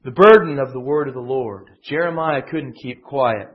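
A man's voice: medium pitch, normal speed. A man teaching a conversational Bible lesson, digressive and emphatic, often restarting his sentences. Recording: dull lo-fi classroom recording.

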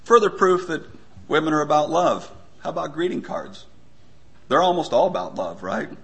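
A man giving a conversational sermon, often pausing with fillers and stumbling for words. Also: on the high side, very animated, fairly bright tone. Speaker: preacher.

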